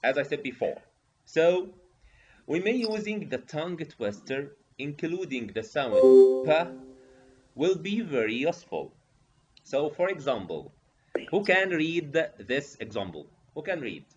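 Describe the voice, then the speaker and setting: Man, online teacher, slow, lively pitch, dull lo-fi audio, faint hiss. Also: soft background music. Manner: slow, repeats prompts and coaxes participants. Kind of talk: online teacher training session.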